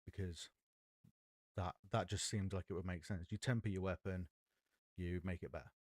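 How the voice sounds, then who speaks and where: A man's voice: low voice, steady tone, moderate pace, darkish tone, no room sound. A man chatting casually on a live stream, reading card text aloud and puzzling over a rule while talking into an XLR mic.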